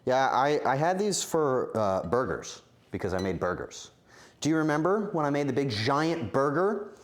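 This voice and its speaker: His mid-range voice swings widely in pitch at a moderate pace as he cooks in a home kitchen on a live stream. The chatter to viewers is rambling and self-deprecating, with flashes of pretend indignation.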